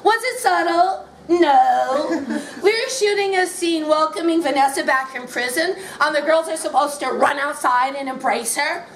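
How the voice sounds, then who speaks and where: A woman reads her memoir aloud at a bookshop event, telling it in a wry, amused way. Her voice sits high. The room around her is echoey, with faint background noise. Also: normal speed, hardly any pauses, fairly bright tone. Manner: wry, amused, often laughing between lines. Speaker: author reading her book. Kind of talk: memoir reading at a live event.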